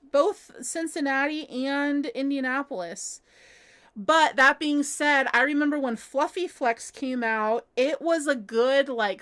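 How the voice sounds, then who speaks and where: Host: woman from the US, high voice, chatty, laughs a lot while reading live chat at home. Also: fairly bright tone. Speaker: livestream host.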